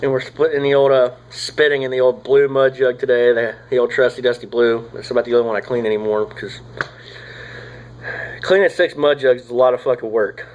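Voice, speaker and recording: A man's voice: medium pitch, steady tone, fairly quick, muffled recording. Drawling profane young man. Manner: rambling, profane, drawling with frequent fillers. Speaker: tobacco reviewer. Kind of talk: casual product review.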